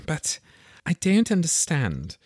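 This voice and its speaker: A man's voice: a little high, wildly swooping pitch, slow, darkish tone, no echo, voice pushed up, exaggerated voice. A man voicing Alice, a polite, curious young girl, in a storybook reading, with an earnest, puzzled manner.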